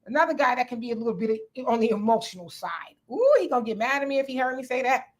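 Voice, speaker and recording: A woman hosting a live chat show, her voice pitched a little high and easygoing. she reads out viewer comments, greets each person by name and breaks into laughter now and then. she keeps things light and chatty. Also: lively intonation, quick pace. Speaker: livestream host reading chat comments.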